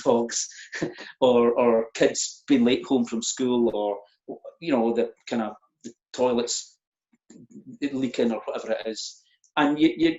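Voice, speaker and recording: A middle-aged man, a church minister, speaking openly and reflectively in an interview, often halting and repeating words. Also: medium pitch, darkish tone. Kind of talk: candid conversational interview. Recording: echoey, dull lo-fi audio.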